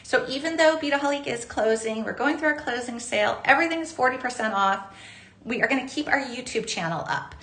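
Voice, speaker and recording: A woman's voice: on the high side, animated, fairly quick, a bit bright. A middle-aged woman from Southern California hosting a live jewelry-making class, chatty and upbeat as she greets viewers by name. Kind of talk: live-streamed craft class chat. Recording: roomy echo.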